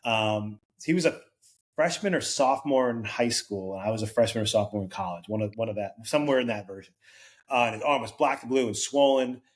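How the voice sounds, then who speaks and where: Man, 40s, podcast guest; casual rambling storyteller, mid-pitched, acts out quoted lines. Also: brisk. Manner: rambling, filler-heavy, acts out quoted voices.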